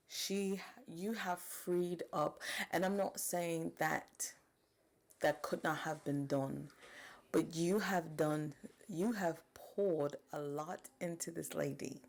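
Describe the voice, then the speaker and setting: Gravelly low-voiced woman commentator. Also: slow pace. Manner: animated, chatty, addresses viewers as y'all. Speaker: reaction commentator. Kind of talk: reaction commentary.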